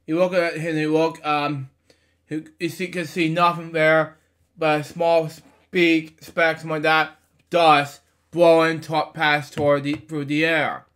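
Slow, stumbling high-voiced man reading aloud. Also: level tone, a bit bright. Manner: stumbling reader, frequent fillers and self-corrections; chatty asides between pages. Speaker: storybook reader. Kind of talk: halting picture-book read-aloud.

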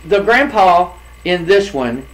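A man's voice: sits high, expressive, takes it slowly, fairly bright tone, poor audio. Hesitant middle-aged man chatting about films. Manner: hesitant, many fillers and restarts. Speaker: podcast co-host. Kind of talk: casual chat about film casting.

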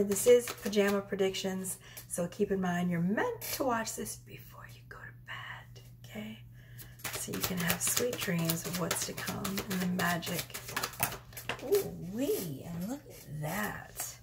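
A woman in her thirties giving a casual tarot reading at home, chatty and rambling, with soft whispered asides. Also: mid-range voice, normal speed, noisy background. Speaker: tarot reader. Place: home room.

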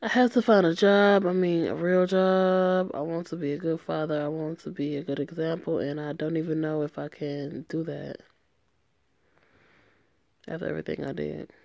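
A woman's voice: sits low, steady tone, moderate pace, creaky, darkish tone, no echo, lo-fi sound. A woman voicing a tender, remorseful young male gang member as she reads a story game aloud in an earnest, emotional way.

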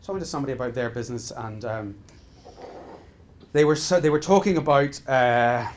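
A man's voice: medium pitch, brisk, a little hiss or hum. Emphatic man teaching business. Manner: emphatic, repetitive exhortations with frequent restarts. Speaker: business trainer. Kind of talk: live seminar talk.

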